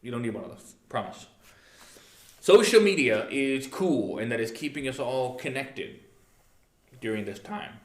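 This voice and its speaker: A man's voice: medium pitch, lively intonation, a little slow, long pauses, echoey room. A man pastor giving a casual midweek Bible teaching, reading from his notes with joking asides. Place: church.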